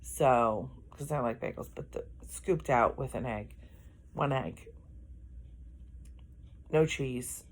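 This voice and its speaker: A middle-aged woman with a very deep voice chats casually in a vlog, speaking slowly and pausing often. She rambles and corrects herself as she goes, and yawns frequently.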